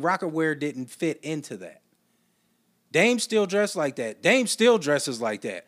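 A man talking through a casual solo podcast with a voice pitched a little above the usual. His delivery is loose and chatty, full of slang and side remarks as he tells a story. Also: very animated, moderate pace. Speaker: podcast host.

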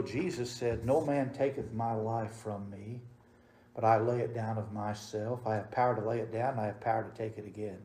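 A man preaching a sermon as pastor, swinging between loud, emphatic passages and soft, hushed ones. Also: mid-range voice. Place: church sanctuary. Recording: roomy church echo.

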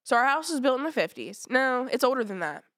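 A woman's voice: high voice, very animated, fast talker, a bit bright, no echo, studio quality. A woman hosting a podcast, chatting casually, rambling and swearing freely. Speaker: podcast host.

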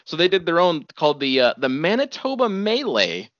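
A man's voice: fairly high pitch, sing-song, moderate pace, fairly bright tone, no echo, highs cut off. A man co-hosting a casual chat, laid-back and a bit hesitant as he fills in details. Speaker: podcast co-host.

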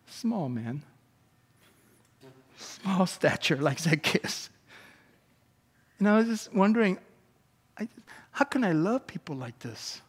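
Pastor guy preaching, calm one minute then loud and fired up, big echoey church sound. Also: on the high side, takes it slowly, long pauses, slightly rough. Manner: swings from calm teaching to loud, animated outbursts. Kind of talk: sermon. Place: church sanctuary.

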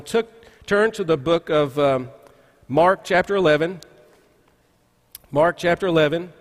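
A high-pitched man preaching from the pulpit of a church. He speaks in a loose, folksy way, often restarting his sentences with an "uh." His voice rings with the long reverb of a large sanctuary. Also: fairly bright tone. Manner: folksy storytelling with frequent "uh" restarts. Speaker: pastor. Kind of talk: conversational sermon.

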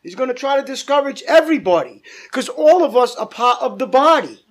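A man's voice: very high-pitched, expressive, fairly quick. A male pastor leading a Bible study, teaching emphatically, repeating points and asking the group questions.

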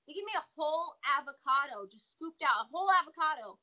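An American woman, a former wrestler, chatting as a guest in an interview, animated and laughing often. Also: sits high, fast, muffled recording. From United States. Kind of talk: casual interview chat.

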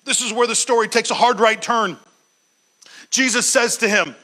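Male preacher, high and bright voice, animated sermon storytelling. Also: normal speed, poor audio. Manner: animated storytelling, acting out quoted lines; occasional stumbles and restarts.

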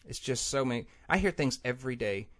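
A man's voice: medium pitch, lively intonation, a little fast. A man hosting a podcast in casual chat, grumbling and rambling with many restarts, recorded on a studio mic in a small room. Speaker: podcast host. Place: small room with the air conditioner off. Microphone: headphones and studio mic.

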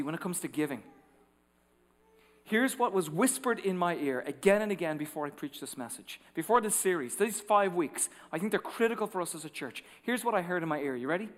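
Male pastor, higher-pitched voice, animated storyteller who drops to hushed asides, sanctuary reverb. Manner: animated storytelling, acting out quotes, swings from loud to hushed. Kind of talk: sermon. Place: large church sanctuary. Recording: long reverb of a large hall.

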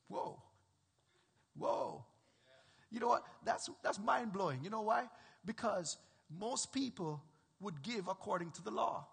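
A man's voice: sits high, animated, unhurried, gravelly, pauses often, fairly bright tone, breathy edge, long reverb tail. A man preaching a sermon as pastor, emphatic and repetitive, often checking in with his listeners.

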